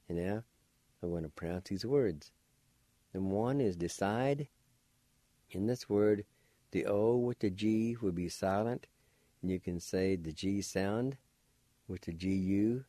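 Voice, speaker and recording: A man's voice: lowish voice, measured pace, pauses often, warm tone, no echo. A man hosting a radio language lesson, patiently spelling out words syllable by syllable and explaining how to pronounce them. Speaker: language teacher and radio host. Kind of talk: slow spelling and pronunciation lesson.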